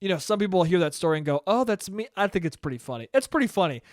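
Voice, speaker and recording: A young man hosts his own podcast, telling a long story in a loose, profane ramble that keeps flaring into loud disbelief. His voice sits high for a man. The sound is close and dry, with no room around it. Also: animated, racing, no room sound. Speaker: podcast host. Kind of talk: solo podcast monologue.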